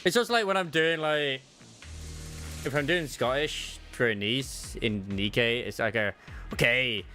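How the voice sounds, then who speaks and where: A man's voice: a little slow, pushed and bright, faint music behind. A man streaming a game, chatting casually, swearing freely and reading game lines aloud. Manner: chatty, swears casually, jumps into higher pitch when reading dialogue.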